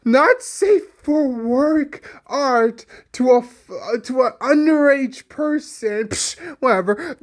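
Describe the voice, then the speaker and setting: Brief: a sarcastic reviewer who drawls out his complaints slowly and laughs at his own rants. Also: extremely high pitch, animated. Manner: exasperated, sarcastic, laughs often. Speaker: anime reviewer. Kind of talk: casual ranting review commentary.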